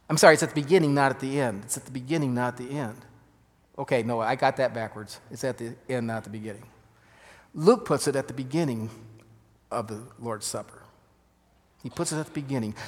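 Male pastor, earnest emphatic sermon delivery, slightly high voice, reverberant sanctuary. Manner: earnest, emphatic preaching with self-corrections. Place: church sanctuary. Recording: long reverb of a church hall.

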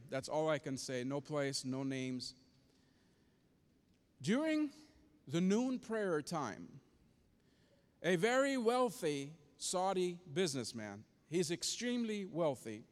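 Animated high-voiced male preacher in a hall. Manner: animated, emphatic storyteller who re-enacts quoted speech. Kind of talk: dramatic sermon storytelling. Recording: long hall reverb.

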